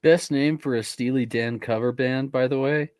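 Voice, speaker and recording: A man playing a tabletop game, chatting in a slow, amused way. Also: medium pitch, fairly even intonation, darkish tone, no echo, clean studio sound. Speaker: player. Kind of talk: casual game-table chat.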